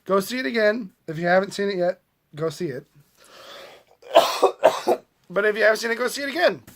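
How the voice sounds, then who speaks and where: A man's voice: sits high, animated, moderate pace, a bit bright. A man giving casual movie commentary to camera, chatty and mildly sarcastic, often restarting mid-sentence. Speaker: movie vlogger. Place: at a table at home.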